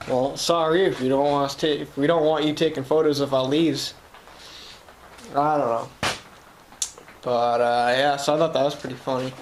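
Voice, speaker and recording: A man's voice: medium pitch, steady tone, moderate pace, pauses often, noisy background. A young man with a Boston accent chatting casually to camera from his shop, rambling and swearing as he jokes. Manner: rambling, profane, jokey. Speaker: vlogger.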